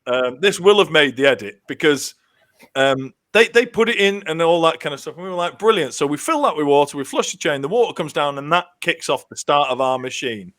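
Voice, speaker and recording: A man chatting casually on a podcast as a lively storyteller who acts out the lines he quotes. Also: a little high, brisk, dry recording, clean studio sound. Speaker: contestant telling a story.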